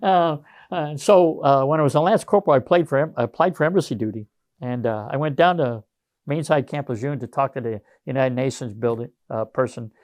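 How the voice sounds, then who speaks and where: An older man from Canada, a retired Marine, telling stories with frequent chuckles in a relaxed interview. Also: medium pitch, a little fast. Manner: chuckling raconteur, acts out quoted voices. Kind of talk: storytelling in casual interview.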